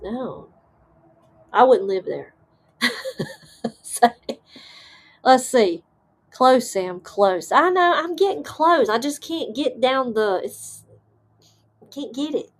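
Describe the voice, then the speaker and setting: A woman hosting a livestream, chatting casually with viewers and reading their comments aloud, rambling and excitable with bursts of laughter. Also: medium pitch. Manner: chatty and rambling, trailing off often. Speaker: livestream host.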